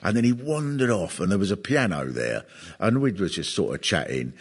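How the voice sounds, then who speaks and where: Husky, animated man telling comic stories. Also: sits low, a little fast. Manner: animated, laughs often at his own stories. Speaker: comedian. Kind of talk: comic storytelling monologue.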